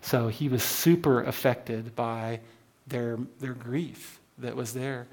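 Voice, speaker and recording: A man teaches scripture in a loose, conversational way, pausing often and restarting his sentences. His voice sits in an ordinary middle pitch. He comes across as informal rather than preachy. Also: steady tone, gravelly, a little mellow. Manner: halting, many fillers and restarts, conversational. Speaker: Bible study teacher.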